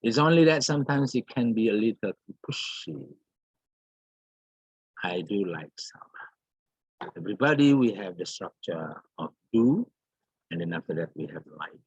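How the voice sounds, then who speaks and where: A man teaching an English grammar lesson, slowly repeating words and examples with many fillers. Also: lowish voice, expressive, slightly rough, dry recording. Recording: dull, lo-fi.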